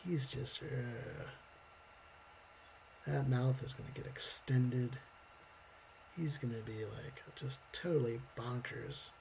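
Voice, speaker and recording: A gravelly, mid-pitched man hosts a casual live drawing stream, talking through each step as he sketches. His chatty delivery comes through a desk microphone, with a faint hiss of noise behind it. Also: a little slow, darkish tone. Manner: chatty, thinks aloud while drawing, laughs often. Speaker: storyboard artist hosting a live stream.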